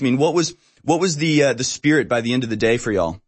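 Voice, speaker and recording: A male talk show host with an ordinary mid-range pitch asks long, rambling questions full of fillers. He talks casually, chatting with his guest. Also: fairly quick, few pauses.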